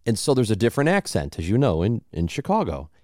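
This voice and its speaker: A man's voice: lowish voice, quick pace, dry recording, studio quality. A young man from Southern Illinois with a slight Southern Illinois accent, chatting casually as a podcast co-host and telling stories with many restarts. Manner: animated, storytelling, many restarts. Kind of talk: casual chat.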